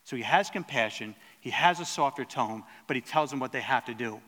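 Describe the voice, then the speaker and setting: A man's voice: mid-range voice, lively intonation, fairly quick, hardly any pauses, pushed and bright. Earnest male preacher in a reverberant hall. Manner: earnest, teaching tone with frequent restarts. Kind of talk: sermon.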